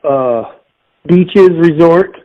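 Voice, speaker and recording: Chatty man with a higher voice. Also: drawn-out words, muffled recording. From Miami, United States. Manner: chatty, rambling storyteller. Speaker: podcast co-host. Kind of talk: casual chat.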